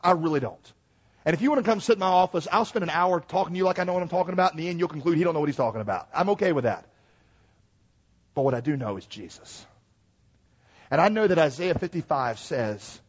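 A man preaching a sermon, swinging from hushed, slowed phrases to loud, rising peaks, with joking asides to the congregation. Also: on the high side, expressive, breathy edge, lo-fi sound.

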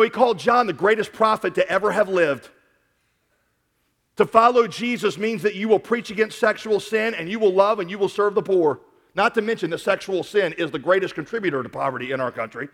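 A man preaching a sermon as a pastor, animated, repeating words and swinging between quiet stretches and loud peaks. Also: high voice, fairly quick. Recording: long hall reverb.

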